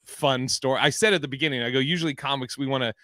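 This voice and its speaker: A man's voice: medium pitch, very fast, sharp tone, no echo, studio quality. A man hosting a comedy podcast, telling stories in rambling, profane casual chat with many restarts.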